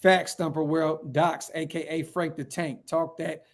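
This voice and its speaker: With a fairly high, level voice at a measured pace, a Northern California man hosts a casual fan livestream. He reads viewer comments aloud in a hyped, slangy manner and repeats his phrases.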